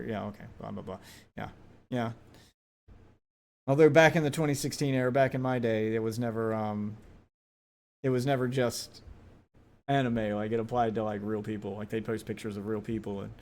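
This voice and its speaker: An American man giving casual reaction commentary, blunt, sarcastic and quick to swear. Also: mid-range voice, fairly even intonation, a little mellow. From United States.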